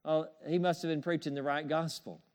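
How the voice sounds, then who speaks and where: A man delivers a sermon in a high, ringing voice. He preaches emphatically, repeats key phrases and draws amens from his listeners, now and then chuckling between points. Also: steady tone, brisk, smooth. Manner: emphatic, repetitive call-and-response preaching with chuckles. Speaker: pastor.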